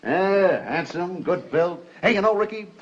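A brash Hollywood press agent. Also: male voice, high-pitched, expressive, unhurried. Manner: brash, salesy, chuckling. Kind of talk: 1950s sitcom acting. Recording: lo-fi 1950s TV audio.

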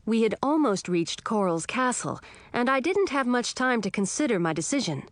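A woman giving scripted first-person narration of a children's story in a clear, even storytelling manner. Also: a little high, normal speed, dry recording. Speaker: audiobook narrator.

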